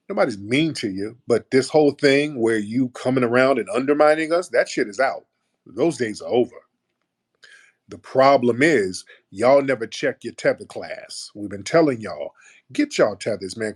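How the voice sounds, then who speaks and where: Combative husky male radio host. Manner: forceful, combative, mocks callers in a high put-on voice. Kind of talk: heated call-in commentary.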